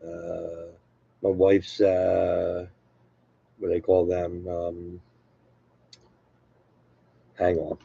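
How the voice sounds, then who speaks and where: Gravelly man rambling self-deprecating comedy. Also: low-pitched, monotone, drawn-out words, long pauses, mellow, dull audio. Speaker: comedy live streamer. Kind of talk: rambling casual stand-up monologue. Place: home room, live stream.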